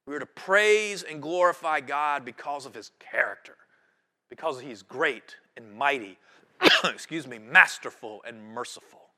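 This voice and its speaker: A male pastor preaching a sermon, building phrases in rhythmic waves that swell loud and then drop low. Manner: rhythmic preaching with sweeping rises and drops in volume.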